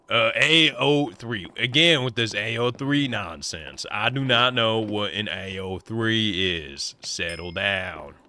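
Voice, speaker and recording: A man's voice: on the low side, sharp tone. A man livestreaming a game, chatting and joking with his viewers in a put-on cowboy drawl. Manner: joking, teasing the chat. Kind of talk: casual live-stream chat while gaming.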